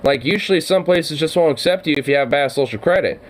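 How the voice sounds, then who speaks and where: Exasperated ranting man, fairly high voice. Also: fast talker, poor audio. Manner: exasperated, ranting, swears a lot. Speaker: co-host reacting to a video. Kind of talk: casual profane reaction commentary.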